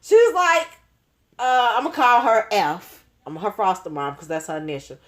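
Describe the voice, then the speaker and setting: A woman telling a story in a casual, animated way, using slang and swearing freely. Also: medium pitch, normal speed. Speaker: nail artist, channel host.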